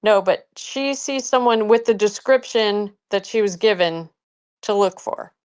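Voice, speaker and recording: A woman player in a tabletop game, describing what her character does in the third person. Her voice is smooth and clear, a little high, and she speaks slowly. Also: darkish tone. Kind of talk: narrating her character's actions.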